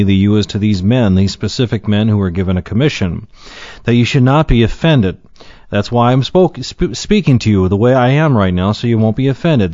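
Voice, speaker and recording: A man giving an earnest Bible teaching, slowing down to read Scripture aloud and then explaining each verse. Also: medium pitch, darkish tone, no room sound, lo-fi sound. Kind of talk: sermon-style Bible teaching.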